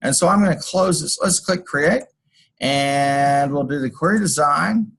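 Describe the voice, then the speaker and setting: Gravelly-voiced man lecturing. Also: on the high side, measured pace, fairly bright tone, rough recording. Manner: folksy, rambling with personal stories. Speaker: college instructor. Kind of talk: screencast lecture.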